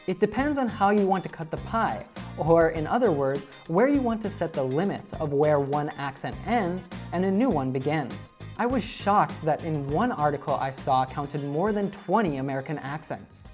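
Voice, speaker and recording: A woman presenting an online English lesson, explaining clearly and speaking directly to viewers. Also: low voice, expressive, moderate pace, hardly any pauses, a little mellow, faint music behind. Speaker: English teacher.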